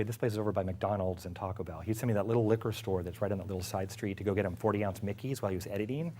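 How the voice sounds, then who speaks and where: A middle-aged man, an executive, telling a casual story about his career. He is lively, laughs often and acts out what others said. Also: lowish voice, slight background noise. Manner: animated, laughing, acts out quotes. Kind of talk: casual anecdote.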